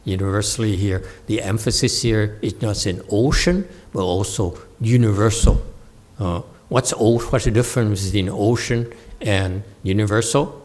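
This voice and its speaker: A man giving a Buddhist Dharma lecture, halting with fillers, often checking that listeners follow and teasing them now and then. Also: on the low side, a little mellow. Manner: slow, halting with many fillers, asks listeners to confirm; playful teasing asides to the audience. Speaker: Buddhist teacher. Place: meditation center hall.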